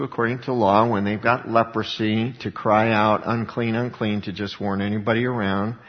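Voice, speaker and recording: A man's voice: fairly low pitch, long reverb tail, muffled recording. A man preaching a sermon, reading scripture aloud and then explaining it in a conversational way with rhetorical questions. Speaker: pastor.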